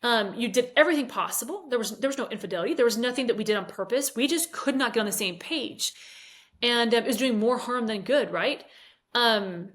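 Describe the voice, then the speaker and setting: A woman's voice: on the high side, animated, a little fast, fairly bright tone. A woman in her forties, a fitness coach, telling a personal story candidly and emotionally, with hesitations. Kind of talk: interview conversation.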